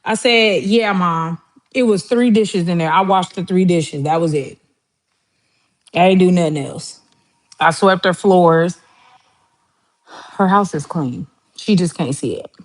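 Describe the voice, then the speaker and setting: Her voice is on the low side, her pace measured, and she pauses often. This woman hosts a laid-back livestream as she cooks, telling family stories in a chatty way with plenty of laughter and imitations of relatives.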